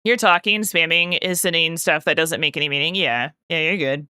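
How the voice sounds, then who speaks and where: A woman's voice: deep voice, brisk, bright, forceful tone, clean tone, no echo, studio quality. A woman streamer chatting casually with her viewers while painting, telling a long rambling story full of "like" fillers. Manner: talks directly to chat while painting.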